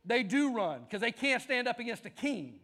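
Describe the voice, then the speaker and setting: A man preaching a sermon, telling stories with lively build-ups that rise to shouts. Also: very high voice, normal speed. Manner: animated storytelling, shouting at climaxes. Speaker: pastor.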